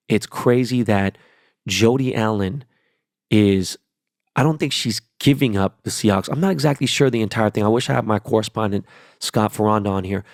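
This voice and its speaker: Podcast host, male, low voice, dry close sound, profane emphatic rambling solo talk. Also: darkish tone, no room sound. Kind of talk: casual solo podcast monologue.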